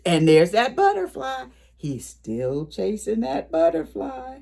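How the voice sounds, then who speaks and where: A woman reading a picture book aloud at a library storytime for preschoolers, animated, with gasps and whispered asides to the children. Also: mid-range voice, takes it slowly, vocal fry.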